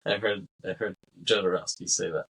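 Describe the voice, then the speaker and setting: A man with a fairly low voice co-hosts a film podcast in a loose, casual way. He laughs often as he recaps scenes, slipping into quick character voices along the way. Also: steady tone, fairly bright tone, slightly rough, poor audio. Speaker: podcast co-host. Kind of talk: casual film-discussion chat.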